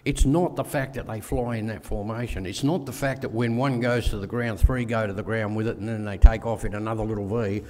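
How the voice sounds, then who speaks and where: A man's voice: lowish voice, steady tone, a little fast, hardly any pauses, a little mellow, in a large hall. An older Australian man giving a folksy speech with stories, acting out voices in his anecdotes. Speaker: guest speaker.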